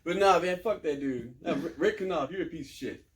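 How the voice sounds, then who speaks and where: Man, wrestler guest, casual profane storytelling, laughing, slightly high voice, a bit off mic. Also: brisk, distant mic. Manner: loud, laughing, acts out quotes with big pitch jumps.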